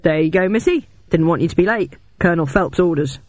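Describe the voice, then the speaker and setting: A man voicing a cheerful male military driver who speaks briskly and offhand, recorded dry. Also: a little high, animated, darkish tone, no room sound, close to an everyday voice. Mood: breezy.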